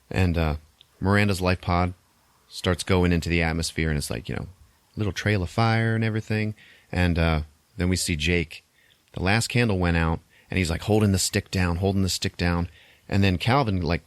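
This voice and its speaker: A low-voiced podcast co-host casually recaps a movie plot in an animated way, loaded with crude swearing. The recording is dry.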